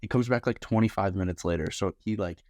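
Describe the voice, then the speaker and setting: A young man, a bartender and podcast guest, telling stories casually and acting out quotes in a raised voice. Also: quick pace. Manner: animated, acts out quotes in higher voices. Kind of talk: casual storytelling.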